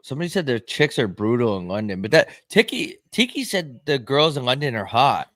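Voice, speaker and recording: A man's voice: medium pitch, sing-song, a little fast, a bit bright, no echo, studio quality. A young man co-hosting a podcast, chatting in a laid-back way and reading out chat comments. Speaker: podcast co-host. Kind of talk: casual chat.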